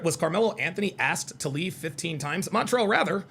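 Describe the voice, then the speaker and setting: Host: high, lively male voice with gravel, combative, mocking, repeats lines for effect. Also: brisk, slight background noise. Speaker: live call-in show host. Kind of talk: heated live-stream commentary.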